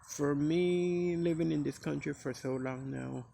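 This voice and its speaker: Slow, gravelly man with a Costa Rican Creole accent. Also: fairly high pitch, fairly even intonation, dark tone, a little hiss or hum. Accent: Costa Rican Caribbean Creole English. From Costa Rica. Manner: rambling and easygoing, with many fillers. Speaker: speaker sending a recorded message to a friend. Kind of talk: casual recorded monologue.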